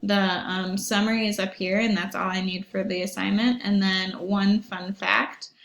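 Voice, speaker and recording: A young woman teacher walks her pupils through a website in a recorded online lesson. She sounds chatty and upbeat, and her voice has a gravelly edge. The room around her is echoey. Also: medium pitch, flat delivery, normal speed, a bit bright. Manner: chatty, upbeat, many ums, asides to pupils. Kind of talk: recorded online class walkthrough.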